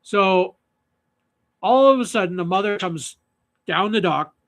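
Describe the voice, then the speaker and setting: A man's voice: high-pitched, a little slow, a bit bright. A man hosting a fly-tying livestream, telling a rambling funny fishing story and laughing at his own jokes.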